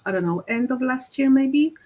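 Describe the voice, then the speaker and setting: A woman's voice: sits high, animated, normal speed, mellow, low-quality recording. Hesitant woman hosting a podcast. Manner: hesitant, many fillers and restarts. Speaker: podcast host, spiritual medium and healer. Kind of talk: casual podcast chat.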